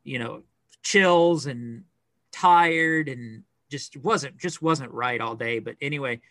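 A middle-aged man co-hosting a podcast, chatting casually in a rambling, animated way with lots of fillers. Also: medium pitch, slow, no room sound, clean studio sound. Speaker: podcast co-host. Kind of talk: casual chat.

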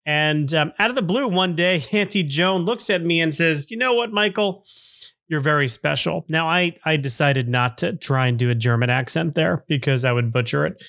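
A man's voice: fairly high pitch, normal speed, hardly any pauses, a bit bright, dry recording, studio quality. A man in his fifties hosting a podcast, telling a personal story in a rambling way with chuckling asides. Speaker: podcast host.

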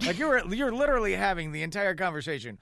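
A man's voice: high-pitched, big pitch swings, fast talker, creaky, pushed and bright, dry recording. A man co-hosting a radio podcast, bantering and teasing his co-host, laughing often. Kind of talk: casual banter.

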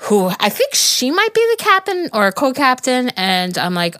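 A woman's voice: high voice, normal speed, no echo, studio quality. A woman in her forties co-hosting a podcast, telling a story with lots of swearing and acted-out quotes. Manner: animated storytelling, swears freely, acts out quotes. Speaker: podcast co-host. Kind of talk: casual chat, telling a story.

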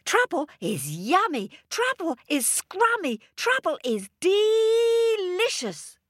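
A woman voicing an eager, cheeky little boy monkey in a storybook, with an excited, squealing manner. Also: high voice, takes it slowly, dry recording, clean studio sound, pitched above the performer's own voice, exaggerated voice.

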